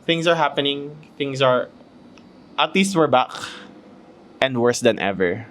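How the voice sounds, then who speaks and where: A man's voice: mid-range voice, lively intonation, a little slow, fairly bright tone. A Filipino man hosting his own podcast, chatting casually and mocking himself while fumbling retakes, hot and sweaty in a room at home. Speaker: podcast host. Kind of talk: casual chat mixing English and Tagalog.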